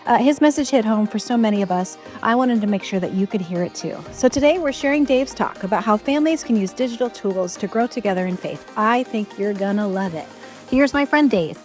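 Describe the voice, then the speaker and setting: A woman's voice: mid-range voice, lively intonation, fairly quick, darkish tone, faint music behind. A woman pastor giving a friendly, upbeat scripted podcast intro.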